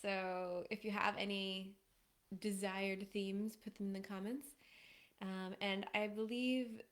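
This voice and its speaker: Speaking slowly in a mid-range voice, a woman addresses a live audience as a relationship coach. She keeps things casual and animated, laughing often and sometimes acting out quoted lines in playful voices.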